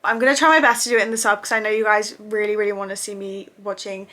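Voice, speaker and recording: A woman casually reviewing anime episodes for her channel, gushing and excitable and swearing freely. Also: mid-range voice, fast.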